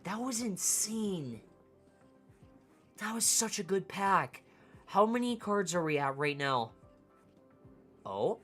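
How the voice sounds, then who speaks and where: A woman streamer giving casual, low-key commentary, murmuring card names half to herself. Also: fairly bright tone.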